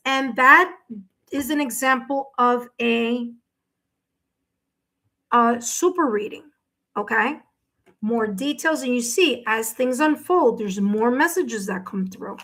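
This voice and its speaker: A woman's voice: fairly high pitch, a bit bright. A woman giving a live-streamed tarot reading, effusive, exclaiming and thanking viewers by name. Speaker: tarot reader.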